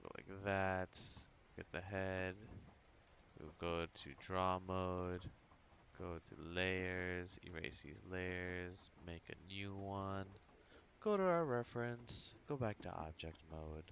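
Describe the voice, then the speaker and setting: A man on a livestream talking through his drawing steps in a relaxed, chatty way, thinking aloud and humming to himself at a home computer. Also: low-pitched, slow pace, creaky, a little hiss or hum. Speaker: livestreaming artist. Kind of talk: casual tutorial narration while drawing.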